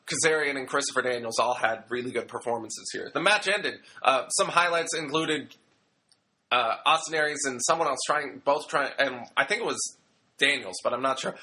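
Young male reviewer, bright slightly high voice, rambling jokey recap delivery. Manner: chatty, rambling, joking, acts out quotes. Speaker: wrestling show reviewer. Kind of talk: casual recap commentary.

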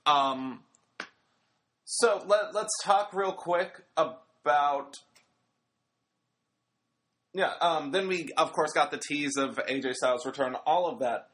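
A man with a bright, forceful voice sitting a little high for a man. He recaps a wrestling broadcast in a loose, rambling chat, breaking off for jokey asides. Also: slow, pauses often. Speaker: wrestling podcast host. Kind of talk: casual recap commentary.

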